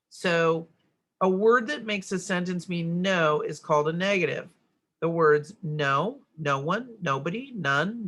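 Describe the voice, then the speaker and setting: A middle-aged teacher with a deep, gravelly voice and a bright, forceful tone goes through a grammar worksheet. She explains each answer step by step, frequently asking "right?".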